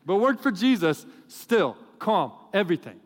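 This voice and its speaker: A man preaching a sermon to a congregation, telling stories in an animated, joking way. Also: high voice, normal speed. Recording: long hall reverb.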